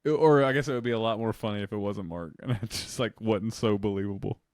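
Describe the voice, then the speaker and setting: A man co-hosting a casual podcast, teasing and quick with remarks. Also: lowish voice, darkish tone, no room sound. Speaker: podcast co-host. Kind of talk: casual chat.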